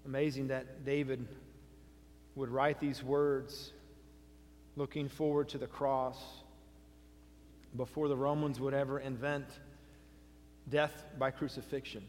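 A man's voice: mid-range voice, little pitch movement, takes it slowly, long pauses, a little mellow, slight background noise. A male pastor preaching a sermon, earnestly asking his congregation questions and reading scripture aloud. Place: church sanctuary. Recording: long hall reverb.

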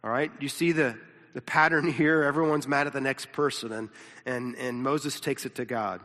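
A man's voice: medium pitch, fairly even intonation, normal speed, bright, forceful tone. A pastor teaching a sermon in a casual, conversational way, often repeating words and checking in with his listeners. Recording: long reverb of a large hall.

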